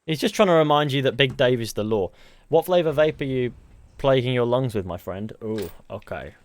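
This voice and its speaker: A man's voice: medium pitch, animated, normal speed. A man with a mixed Mancunian, West Country and Southern English accent, rambling casually through a live stream and answering viewers from a room at home. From England.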